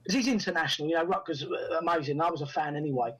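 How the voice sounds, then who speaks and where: A man's voice: on the high side, racing, a bit bright, low-quality recording. A middle-aged man, a guest actor and director, telling anecdotes in an interview and acting out the dialogue he quotes. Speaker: guest, actor and first-time film director. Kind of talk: casual storytelling in an interview.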